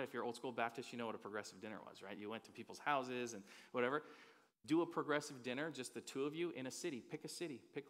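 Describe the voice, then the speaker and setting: In a reverberant church auditorium, a male pastor delivers a sermon in a casual, joking, conversational style. His voice is medium-pitched and a bit bright.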